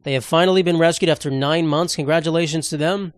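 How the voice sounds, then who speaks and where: A man's voice: a little high, fairly even intonation, fast, no room sound. Sarcastic man rambling on a podcast. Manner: rambling, sarcastic, jokey asides. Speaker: podcast host. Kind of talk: solo comedic podcast rant.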